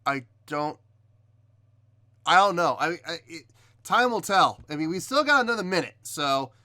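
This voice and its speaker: A man hosting a reaction video, giving measured critique in casual talk, often pausing with ums and restarting his sentences. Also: on the high side, sing-song, sharp tone, no room sound, studio quality. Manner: hesitant, many ums and restarts. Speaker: reaction video host reviewing a singer. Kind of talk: casual spoken commentary.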